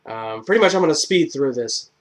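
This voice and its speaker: A man's voice: mid-range voice, expressive, fairly quick. A man giving a casual spoken movie review, rambling with lots of fillers and a crude, irreverent sense of humor. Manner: rambling, filler-heavy, joking retelling.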